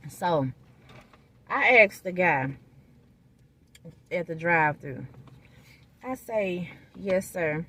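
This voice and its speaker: Slow-talking woman, chatty vlogger. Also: on the low side, expressive, bright, forceful tone. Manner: chatty, folksy, talks straight to viewers. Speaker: food vlogger. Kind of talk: casual vlog chat while eating. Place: parked car in a restaurant parking lot.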